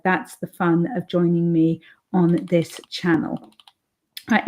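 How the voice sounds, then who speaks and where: A middle-aged woman chats casually to her live stream audience at an even middle pitch. She reads out viewer comments and answers them in a relaxed, rambling way full of little fillers and restarts. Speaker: author and livestream host.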